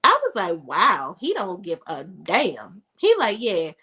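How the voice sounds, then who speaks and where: Animated woman TV recapper, casual and exclaiming, lively swooping pitch. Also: takes it slowly. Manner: animated, exclaiming, acts out characters' lines. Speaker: TV recap host.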